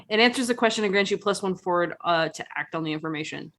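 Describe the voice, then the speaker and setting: A woman's voice: on the low side, quick pace, fairly bright tone. A woman playing a tabletop game, speaking in a matter-of-fact way and reading rules aloud. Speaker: player.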